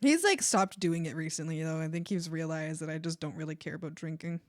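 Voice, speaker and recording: A woman's voice: sits low, fairly quick. A woman streamer chatting casually with her viewers, laughing often and swearing offhandedly.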